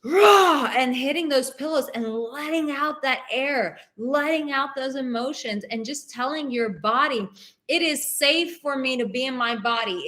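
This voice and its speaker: Female live-stream advice host, a bit high-pitched, leans on repeated words, talks directly to viewers. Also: fairly bright tone. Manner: emphatic, repeats words for stress; encouraging, speaks straight to viewers. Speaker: dating and relationship advice host.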